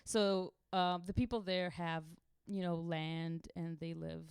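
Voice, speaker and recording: Israeli-born woman on a podcast, smooth voice, dry room, swears a lot, laughs mid-story. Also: fairly low pitch, slow, no echo. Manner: animated, profane, laughs through the story. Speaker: podcast co-host. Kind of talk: casual storytelling.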